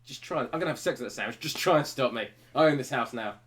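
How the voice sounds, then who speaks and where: A man's voice: medium pitch, fast, a bit bright. A man hosting a casual live stream, teasing and bantering crudely. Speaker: stream host.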